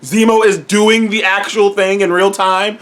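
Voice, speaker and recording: A man's voice: sits high, flat delivery, measured pace, a bit bright. A young man casually reviewing a TV episode, rambling and swearing freely. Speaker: TV show reviewer.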